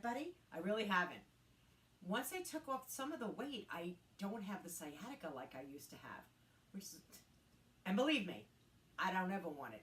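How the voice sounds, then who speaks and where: Woman, 60s, home vlogger; candid and chatty, lower voice, recorded in a roomy space some way from the mic. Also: fairly bright tone. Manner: chatty, candid, talks to her dog between points. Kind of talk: casual chat to camera. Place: home, doing housework. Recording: roomy sound, mic set at a distance.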